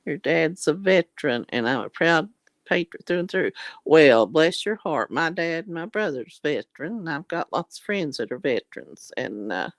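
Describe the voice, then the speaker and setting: A woman's voice: sits low, animated, normal speed, fairly bright tone, no room sound. A woman with a Southern US accent chatting casually with viewers on a livestream, folksy and affectionate, calling people honey and blessing their hearts. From Southern United States. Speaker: livestream host.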